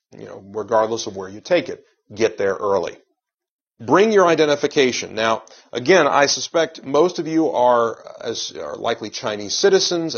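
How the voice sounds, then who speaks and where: A man's voice: mid-range voice, slightly rough. A man giving an exam-prep lecture in a conversational, advisory way. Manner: conversational, advisory, with frequent uh fillers. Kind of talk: lecture with slides. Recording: dull lo-fi audio.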